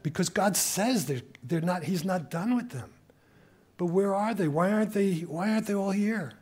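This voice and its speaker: Impassioned male preacher, fairly high voice. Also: breathy edge. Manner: impassioned, animated storytelling with acted-out quotes. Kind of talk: sermon.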